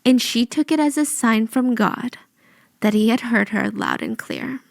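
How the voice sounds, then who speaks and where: A woman's voice: on the high side, measured pace, creaky, no echo. A woman narrating a true crime story close to the mic, with chatty asides and emotion showing through.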